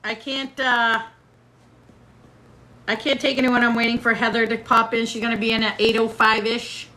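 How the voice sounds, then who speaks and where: A woman's voice: on the high side, flat delivery, moderate pace, sharp tone. A middle-aged woman hosting a casual livestream, chatting playfully and reading out viewer comments while she waits for a guest. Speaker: livestream host.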